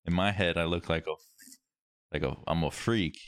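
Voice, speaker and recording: Young male co-host, deep voice, profane rambling storyteller, dry sound. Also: normal speed, dry recording. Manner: profane, rambling, swears constantly. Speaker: podcast co-host. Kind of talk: casual storytelling chat.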